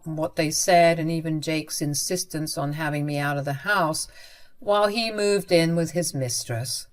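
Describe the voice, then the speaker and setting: A woman narrating a first-person story in a scripted, earnest and confiding way. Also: lowish voice.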